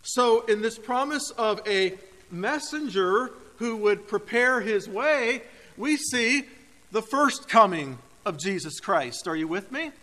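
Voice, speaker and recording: A man preaching a sermon as pastor, emphatic and deliberate, with dramatic pauses. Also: high voice, expressive, bright, forceful tone. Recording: reverberant hall.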